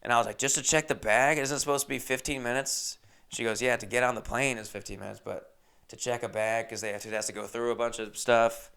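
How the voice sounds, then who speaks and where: A young man hosting a podcast, telling a casual story with lively asides, acting out other people's lines and swearing freely. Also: medium pitch, fast talker, gravelly, clear, resonant tone. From Los Angeles. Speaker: podcast host.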